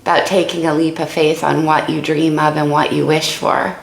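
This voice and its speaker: A woman with a creaky morning voice doing a casual tarot reading, musing and exclaiming as she turns the cards. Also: low voice, little pitch movement, moderate pace, reverberant, poor audio. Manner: musing and exclamatory, thinking aloud over cards. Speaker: tarot reader.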